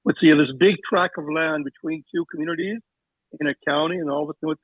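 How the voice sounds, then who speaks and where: A man calling in to a podcast, asking a question haltingly and searching for words. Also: on the high side, steady tone, husky, no echo. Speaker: caller. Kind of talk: call-in question. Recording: tinny phone line.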